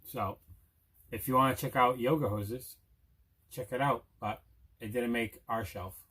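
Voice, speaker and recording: Guy cohost chatting about movies, relaxed and offhand. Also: medium pitch, unhurried, slightly rough. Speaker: co-host. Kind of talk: casual chat.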